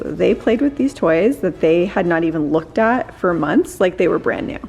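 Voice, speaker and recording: With a medium-pitched, gravelly, darkish voice and slight background noise, a thirtysomething working mom vlogs about her lifestyle. She's chatty and bubbly, talking directly to viewers and addressing them as "you guys."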